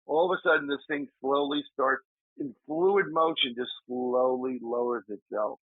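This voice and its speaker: A man, a paranormal investigator, telling an animated story in a casual interview, acting out his friend's shouts. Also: medium pitch, measured pace, no room sound. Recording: dry tinny remote call audio.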